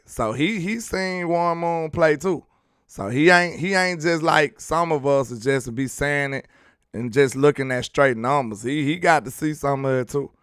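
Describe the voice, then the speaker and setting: A man's voice: mid-range voice, fairly bright tone, clean tone, no room sound, clean studio sound. A man hosting a casual sports livestream, reading chat comments aloud with laid-back slangy banter and frequent laughs. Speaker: sports talk livestream host.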